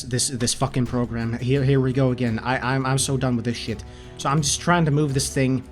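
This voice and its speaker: A man ranting with exasperation and heavy swearing while recording his screen, often stammering into restarts, his throat sore. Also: medium pitch. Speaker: channel host.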